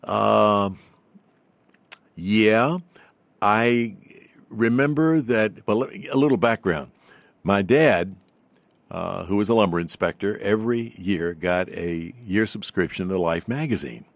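An older man with a faint Southern accent, telling stories as an interview guest in a polished, unhurried announcer's delivery. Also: fairly low pitch, creaky, no echo. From Southern United States. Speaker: guest, veteran broadcaster. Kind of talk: storytelling in an interview.

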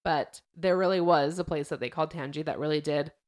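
A young woman chats casually as a podcast host, with a fairly low voice. She retells events in a loose, lively way and acts out what people said. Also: a little fast. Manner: chatty storyteller, acts out quotes.

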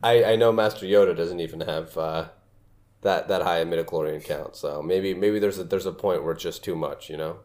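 A man's voice: deep voice, brisk, darkish tone. A young man in casual chat as a podcast co-host, rambling, restarting his sentences and laughing often.

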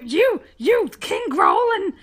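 A woman's voice: extremely high pitch, wildly swooping pitch, slow, voice pushed up, full character voice. A woman voicing a nervous male guard on a rope bridge, stammering and flustered. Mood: rattled.

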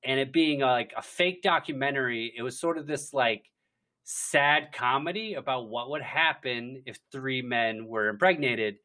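Guy with a bright voice chatting on a podcast, laughs a lot, tells stories with energy. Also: medium pitch, moderate pace. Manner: animated storyteller, laughs often, acts out quotes. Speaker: filmmaker guest. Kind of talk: casual interview chat.

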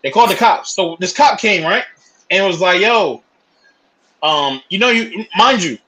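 Young man, high voice, bright, rambling, casual chat. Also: animated, normal speed, rough recording. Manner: loose, rambling, restarts stories. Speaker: storyteller.

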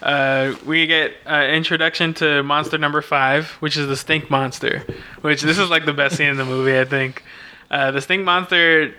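A man's voice: fairly high pitch, fairly even intonation, normal speed, bright, forceful tone, clean tone. A man chatting casually as a podcast co-host, laid-back, filling his talk with "like" and laughing often. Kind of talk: casual chat recapping a film.

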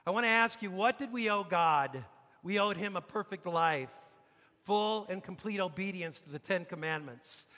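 A man preaching a sermon as pastor, emphatic, dropping to a hush and rising to loud peaks. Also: high voice, moderate pace. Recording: long reverb of a large hall.

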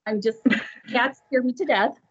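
A woman's voice: a little high, moderate pace, breathy edge. A woman who works as a drive examiner, telling a long story from the job in a chatty, self-deprecating way. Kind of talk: storytelling in an interview. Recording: muffled audio.

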